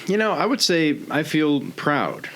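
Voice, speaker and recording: A man's voice: fairly high pitch, lively intonation, unhurried, fairly bright tone, slight background noise. A man guest on a podcast in a casual group check-in, easygoing, laughing and repeating himself. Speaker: musician guest.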